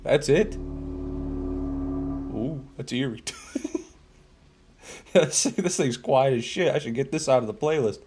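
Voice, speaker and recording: A man's voice: medium pitch, animated, slow pace, long pauses, darkish tone, soft background music. A man giving casual live commentary while playing a game, joking with chat, laughing often and restarting his phrases. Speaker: gaming streamer. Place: streaming setup, game music playing.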